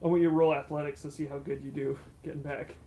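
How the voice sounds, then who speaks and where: A man running a tabletop game as game master, narrating in a relaxed way and laughing often. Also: fairly high pitch, quick pace, heavy background noise.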